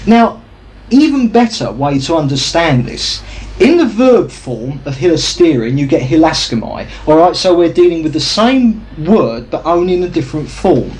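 Lively preaching man with a swinging voice. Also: a little high, normal speed, low-quality recording. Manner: teaching, asks the audience questions. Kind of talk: sermon.

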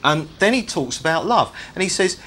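A man delivers a sermon in an animated, sing-song way, his fairly high voice swooping up and down. He repeats key words for emphasis and drops in joking asides. A faint hum sits behind him. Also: normal speed. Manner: animated teaching with humorous asides and repetition. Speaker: preacher.

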